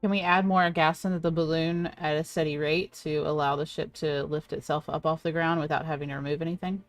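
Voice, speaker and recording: A woman player talks through her character's moves in quick, eager bursts. Her voice sits on the low side, with faint music playing behind her. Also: little pitch movement, no room sound. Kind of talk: tabletop game chat.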